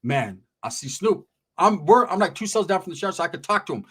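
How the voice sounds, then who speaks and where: A man's voice: high-pitched, big pitch swings, fast, fairly bright tone, slightly rough. A man telling stories in casual, slang-heavy talk, acting out what other people said. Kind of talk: casual storytelling.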